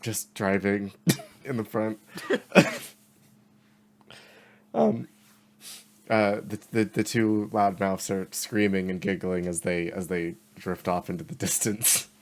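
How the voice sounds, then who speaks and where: A man narrating a tabletop game as game master, halting with fillers and laughing often. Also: fairly low pitch, little pitch movement.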